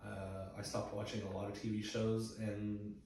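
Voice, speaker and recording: A man's voice: on the low side, little pitch movement, moderate pace, darkish tone. A man in his twenties from the United States chats casually as a podcast co-host, hesitant and stopping often on "uh". He is recorded at a distance in a strongly echoing room, with faint background noise. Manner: hesitant, many "uh"s and restarts. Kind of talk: casual chat. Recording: echoey room, far from the mic, faint noise.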